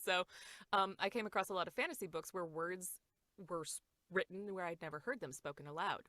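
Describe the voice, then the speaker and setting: A woman voice actor in a casual podcast chat, talking fast and laughing often as she acts out quotes. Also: fairly low pitch, sharp tone, no echo. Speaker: voice actor guest.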